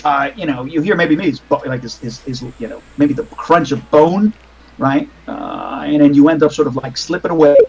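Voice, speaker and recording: High-voiced man running a tabletop game. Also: moderate pace, a little mellow, slightly rough, lo-fi sound. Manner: rambling, many fillers and restarts, swears casually. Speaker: game master. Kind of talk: narrating a tabletop horror game.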